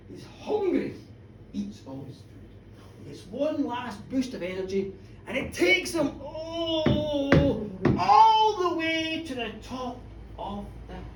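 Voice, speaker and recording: A woman telling a comic story to a live audience in a bar, playful and animated, acting out the characters. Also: sits high, a little hiss or hum. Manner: animated, playful, acts out a boy's voice. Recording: echoey bar recorded from far off.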